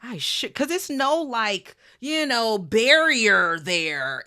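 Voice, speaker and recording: A woman's voice: mid-range voice, big pitch swings, takes it slowly, few pauses, sharp tone, no room sound, studio quality. A woman hosting a podcast in frank, profane, joking casual chat. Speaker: podcast host.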